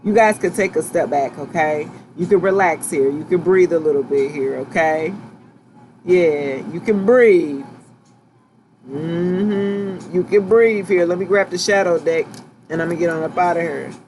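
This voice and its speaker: A woman giving a casual tarot reading to her viewers, relaxed and reassuring, often checking in with "okay?" and "right?" and repeating herself as she talks. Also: fairly low pitch, moderate pace, a little hiss or hum. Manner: loose, chatty, repeats and restarts phrases. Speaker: tarot reader.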